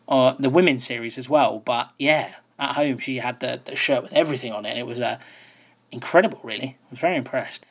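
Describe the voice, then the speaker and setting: A man hosting a darts podcast, reading a news roundup and then interviewing a guest in a measured, informative way. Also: mid-range voice. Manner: measured, informative, uses fillers.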